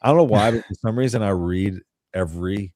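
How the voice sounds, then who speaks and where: Deep-voiced young man, opinionated sports chat. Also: fairly quick, mellow, no echo, studio quality. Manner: opinionated, rambling, frequent throat clearing, says bro. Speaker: co-host of a sports call-in show.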